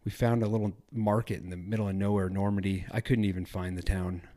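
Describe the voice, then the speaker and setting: Rambling low-voiced podcast man. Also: flat delivery, quick pace, warm tone. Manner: rambling, self-correcting, chatty. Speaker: travel podcast host. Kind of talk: casual solo podcast talk.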